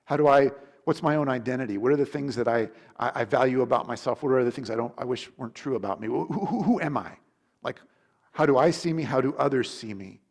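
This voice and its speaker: A man giving a sermon in an easy, talky way, as if chatting with friends. He trips over his words, restarts often and leans on "like". He slips into quoted questions with shifting voices, at a middle pitch. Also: fast. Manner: casual, rambling, many restarts and "like". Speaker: preacher. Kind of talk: conversational sermon.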